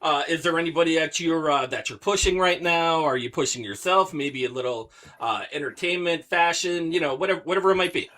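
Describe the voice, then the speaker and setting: A man co-hosting a casual podcast, tossing in quick one-liners and questioning the guest. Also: a little high, bright, forceful tone. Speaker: podcast co-host.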